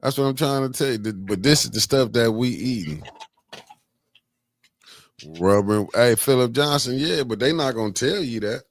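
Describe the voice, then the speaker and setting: A man's voice: mid-range voice, moderate pace. A man co-hosting a casual live-stream chat, colloquial and laid-back, chuckling often. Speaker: co-host.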